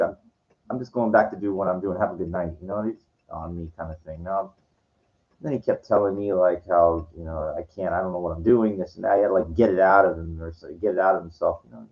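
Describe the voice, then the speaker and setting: A middle-aged man with a very low, deep voice tells a night-out story straight to camera. He rambles, restarts and swears as he goes. The recording sounds dull and lo-fi. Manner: rambling, halting, profane retelling. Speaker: vlogger.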